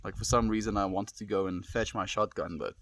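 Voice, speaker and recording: A South African man casually live-streaming from his farm, calmly reflecting and greeting viewers by name. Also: lowish voice, brisk, slight background noise. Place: outdoors on a rural farm.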